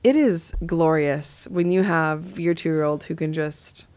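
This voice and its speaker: A woman's voice: low voice, takes it slowly, darkish tone, clean tone. A woman co-hosting a parenting podcast, speaking in a reassuring, agreeable way. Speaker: podcast co-host. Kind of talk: casual parenting podcast chat.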